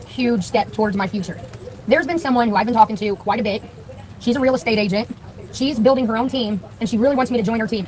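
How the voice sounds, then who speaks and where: Fast-talking blunt woman streamer. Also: on the high side, a little hiss or hum, poor audio. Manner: blunt, profane, talks straight to chat. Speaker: live streamer. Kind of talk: casual live-stream storytelling.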